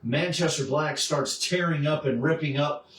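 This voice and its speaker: A man's voice: a little high, moderate pace, fairly bright tone. A man casually chatting about comics as a podcast co-host, animatedly acting out characters as he retells stories. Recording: echoey room, mic at a distance.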